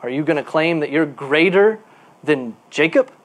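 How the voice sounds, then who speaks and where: A male pastor preaching a sermon. His delivery is animated, moving from quiet asides to emphatic bursts, and he repeats words while he looks for a phrase. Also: fairly high pitch, moderate pace.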